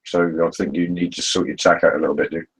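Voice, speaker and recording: Male live-chat guest, very deep and husky voice, easygoing. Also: flat delivery, fast talker. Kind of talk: casual chat.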